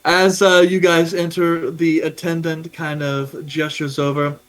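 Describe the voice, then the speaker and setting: Slow-paced man narrating as game master. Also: a little high, level tone, soft background music, poor audio. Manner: unhurried, full of fillers.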